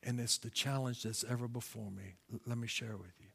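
A middle-aged man preaching a sermon, moving between quiet storytelling and loud, impassioned calls. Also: mid-range voice, steady tone, fairly quick, gravelly, slightly rough. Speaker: pastor.

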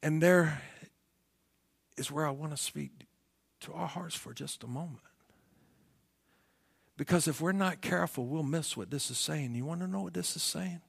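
A man's voice: on the high side, normal speed, gravelly, pauses often, husky. Fervent preaching man with a raised voice. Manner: swings from shouted climaxes to hushed near-whispers; emphatic, preacherly rhetorical questions. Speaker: pastor. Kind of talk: sermon.

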